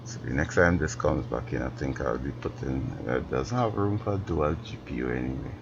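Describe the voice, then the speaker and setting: Tired male streamer, very deep gravelly voice, slow mumbly game commentary, dull lo-fi audio with clear background noise. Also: animated. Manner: slow, mumbling, talks to himself. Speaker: gaming streamer. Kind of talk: casual gameplay commentary.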